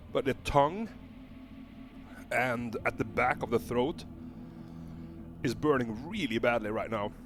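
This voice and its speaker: Slow, halting man on a video channel. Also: mid-range voice, slight background noise. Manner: slow, halting, with many fillers and restarts. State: gasping and coughing from pepper heat. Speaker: vlogger tasting peppers. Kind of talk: casual vlog commentary.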